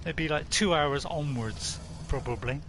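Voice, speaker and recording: A man's voice: on the high side, a little slow, background noise. A man from Bristol with a West Country accent, chatting casually with viewers on a game live stream and reading out their messages. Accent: West Country English. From Bristol, England. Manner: chatty, chuckling, reads viewer messages aloud.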